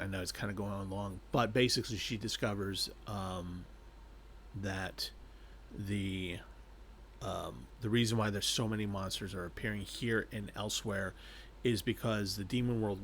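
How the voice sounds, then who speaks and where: A man casually reviewing an anime, talking in an animated, rambling way and chuckling between thoughts. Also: on the low side, a little hiss or hum.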